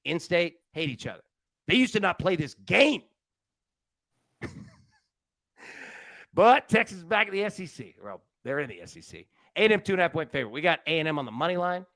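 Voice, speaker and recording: Casting: male sports betting host, animated, joking, rambling, dry close mic. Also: a little high, fairly quick, long pauses, no room sound. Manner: rambling and joking, with frequent restarts. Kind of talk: casual live show chat. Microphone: studio mic on a live stream.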